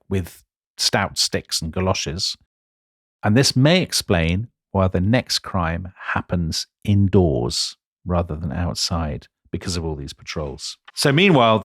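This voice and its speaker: A man co-hosting a podcast, telling a history story in a lively, emphatic way with casual asides. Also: low-pitched, no room sound, studio quality. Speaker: podcast co-host.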